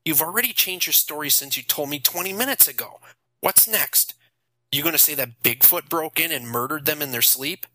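A man's voice: fairly high pitch, sharp tone, dry recording. A man voicing an earnest teenage boy who firmly stands up to a bully. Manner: firm, measured, defiant.

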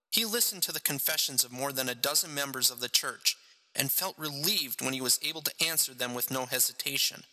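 Bright-voiced man reading his story. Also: mid-range voice, poor audio. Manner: jokey, chatty asides. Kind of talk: story narration and casual chat.

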